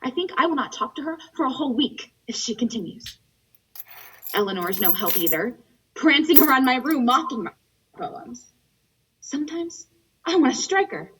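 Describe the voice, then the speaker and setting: A young woman acting out an indignant young letter-writer who dreams of being an author. Her voice sits high and swoops widely, a little husky, and she sounds set back from the mic on a video call. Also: big pitch swings, normal speed, long pauses, a bit bright, recorded from a distance, full character voice, rough recording. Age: young adult. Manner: indignant, emotional. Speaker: student actor. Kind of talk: dramatic monologue reading a letter.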